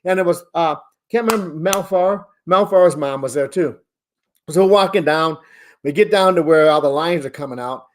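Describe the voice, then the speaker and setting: A man's voice: a little high, normal speed, a little hiss or hum. A man co-hosting a podcast, chatting casually over a video call, telling rambling stories and swearing freely. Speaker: podcast co-host. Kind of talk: casual chat.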